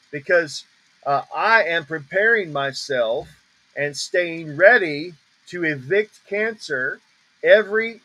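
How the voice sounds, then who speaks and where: A man teaching on a ministry call in a preaching style, emphatic and repeating declarations slowly with heavy stress on each word. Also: fairly high pitch, sharp tone, rough recording.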